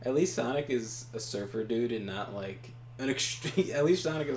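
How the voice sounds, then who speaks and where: A man's voice: medium pitch, lively intonation, moderate pace, hardly any pauses, darkish tone. Joking, rambling man with laughter. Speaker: co-host watching and commenting. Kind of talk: casual gameplay chat. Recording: roomy sound with faint hum.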